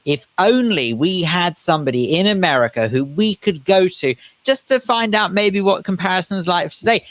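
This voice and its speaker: A man's voice: high-pitched, lively intonation, a bit bright, no echo. Chatty male radio host, dry sound. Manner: chatty, teasing, quick asides. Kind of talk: casual radio chat.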